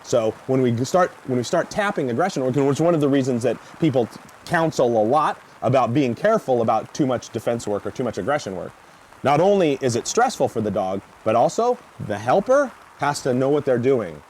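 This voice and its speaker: Animated man teaching a seminar. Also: medium pitch, a little fast, a little hiss or hum. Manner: animated, acts out dog and helper reactions. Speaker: dog training seminar instructor. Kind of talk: seminar lecture. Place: seminar venue.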